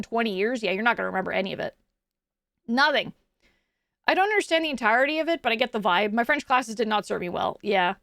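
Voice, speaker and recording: High-voiced chatty woman streamer. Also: a bit bright, no room sound, studio quality. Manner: chatty, laughing, swears freely. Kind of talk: casual stream chat.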